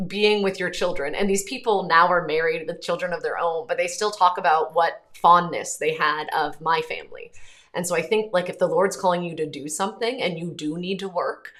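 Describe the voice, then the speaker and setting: A woman's voice: on the low side, fairly bright tone. A woman in her thirties hosting a livestream, reading viewer comments aloud and chatting about them in a rambling way, with frequent ums and self-corrections. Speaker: host.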